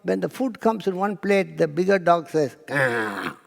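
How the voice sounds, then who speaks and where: A man gives a spiritual lecture to a live audience, his fairly high voice rough with gravel. He tells anecdotes, acts out the people in them and sinks to near-whispers for emphasis. The sound rings with the long reverb of a lecture hall. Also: moderate pace, darkish tone. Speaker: spiritual speaker. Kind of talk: philosophy talk to an audience.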